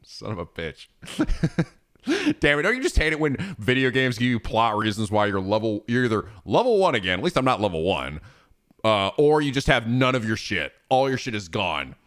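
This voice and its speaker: A young man streaming, chatting in an animated, profane way and laughing often. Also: fairly low pitch, normal speed. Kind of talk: casual gaming chat.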